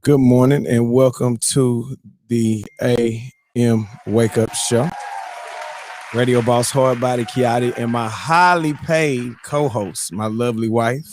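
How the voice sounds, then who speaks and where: A man hosting a morning show, telling stories in an animated, laughing way with loose slang. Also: mid-range voice, slow, a faint crowd, a little hiss or hum. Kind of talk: casual chat and storytelling.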